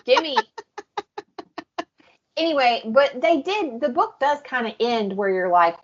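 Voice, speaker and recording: Animated woman on a lo-fi podcast. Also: fairly high pitch, a little slow, long pauses, a little hiss or hum. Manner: animated, acts out quotes of others. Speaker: podcast co-host. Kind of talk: casual chat. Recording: dull lo-fi podcast audio.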